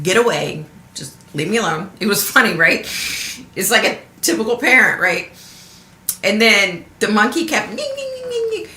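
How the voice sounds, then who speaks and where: Chatty woman telling stories, bright tone. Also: medium pitch, echoey room. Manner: chatty storyteller, laughs often, acts out quotes. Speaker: vlogger. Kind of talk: casual livestream chat.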